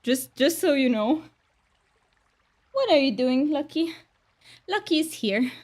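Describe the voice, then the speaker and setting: A woman's voice: high-pitched, animated, slow pace, a little mellow. A woman streamer chatting casually with her viewers while gaming, bubbly and laughing often. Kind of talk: casual live-stream chat.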